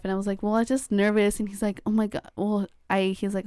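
Young woman, college age, casual and chatty, crisp clear voice, dry close sound. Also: mid-range voice, little pitch movement, fast, dark tone, dry recording. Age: young adult. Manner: chatty, many fillers, acts out quoted dialogue. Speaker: college student. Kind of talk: casual chat.

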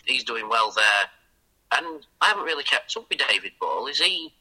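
A young man, a football fan guest, chatting casually in a halting, self-correcting way. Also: medium pitch, big pitch swings, bright, forceful tone, husky, poor audio. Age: young adult. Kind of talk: casual chat.

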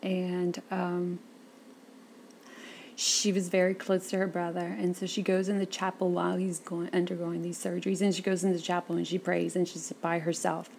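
Woman, interview guest, lively storyteller, quotes people in their voices, gravelly voice. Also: fairly low pitch, normal speed, a little hiss or hum. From south Louisiana.

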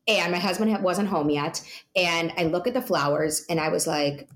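Woman, 30s, lower register; interview guest recounting her story, loose and rambling, many fillers. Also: moderate pace. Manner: rambling, many "you know" asides and restarts. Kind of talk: personal storytelling.

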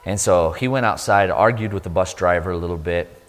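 A man giving a sermon testimony, telling his story with lively energy and acting out the voices of people he met. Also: low voice, a little fast. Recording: long hall reverb.

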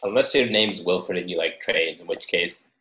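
A man's voice: low voice, moderate pace, bright, forceful tone, echoey room. A man co-hosting a podcast, bantering in a brash, jokey way and swearing freely. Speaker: podcast co-host. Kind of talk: casual banter.

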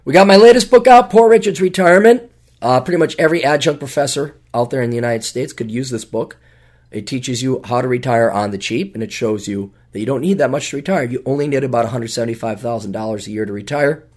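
A middle-aged man hosting a solo podcast, talking in a sarcastic, rambling way with big jumps in pitch for emphasis. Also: quick pace, a little mellow. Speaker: podcast host.

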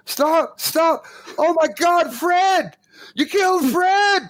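Guy doing a squeaky frantic robot dude, begging everyone to put the guns down. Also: lively intonation, normal speed, a bit bright. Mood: panicked. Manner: pleading, tearful, high-strung. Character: distraught eccentric man who owns small robots. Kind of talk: tabletop role-play voice.

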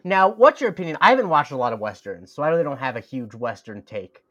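A man's voice: fairly high pitch, very animated, quick pace, fairly bright tone, dull audio. A man co-hosting a podcast in casual chat, talking freely and laughing often. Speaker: podcast co-host.

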